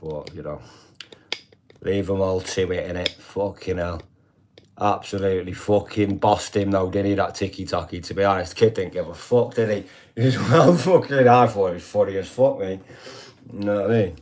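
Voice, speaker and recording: Older bloke, lowish voice, rambling sweary live chat, keeps going "you know what i mean". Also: male voice, normal speed, darkish tone. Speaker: live streamer. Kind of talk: casual live-stream chat.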